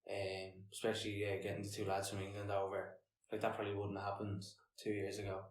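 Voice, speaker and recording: A man's voice: fairly low pitch, completely flat delivery, fast. A young Irish man co-hosting a casual podcast chat, teasing and joking with his friends. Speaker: podcast co-host, calisthenics coach. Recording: echoey room, mic at a distance.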